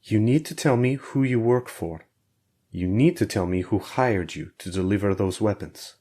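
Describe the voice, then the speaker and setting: A man voicing a calm male interrogator who speaks softly and reassuringly, like a concerned parent. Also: fairly low pitch, moderate pace, close to an everyday voice. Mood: pressing. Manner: soft, reassuring, coaxing.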